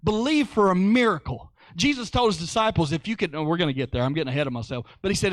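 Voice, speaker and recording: A man preaches a sermon with lively conviction, returning to key phrases again and again to drive them home. His voice sits a little higher than most men's, and the sound is close and dry. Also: fast, dry recording. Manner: animated, repeats phrases for emphasis.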